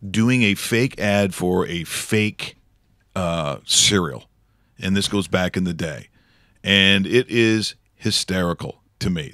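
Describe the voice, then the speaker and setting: A man's voice: on the low side, fairly bright tone, no room sound. A man hosting a casual studio morning show, rambling enthusiastically with many restarts. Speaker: show host.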